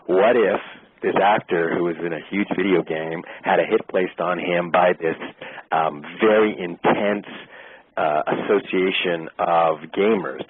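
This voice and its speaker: Husky-voiced man telling a lively story. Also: low voice, phone-quality sound. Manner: lively, acts out quoted voices. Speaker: actor, interview guest. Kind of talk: animated storytelling.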